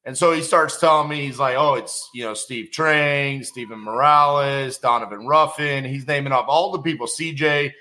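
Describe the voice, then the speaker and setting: Bright-voiced man hosting a podcast. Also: medium pitch, moderate pace, few pauses. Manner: conversational, lots of fillers and restarts. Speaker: podcast host. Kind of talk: casual interview chat.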